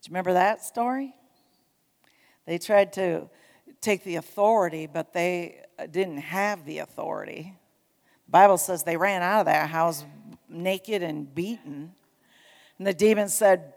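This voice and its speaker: A woman preaching a sermon, telling a story with animated emphasis and urging her congregation on. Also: fairly low pitch, measured pace, gravelly, pauses often, big-room sound. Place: church sanctuary.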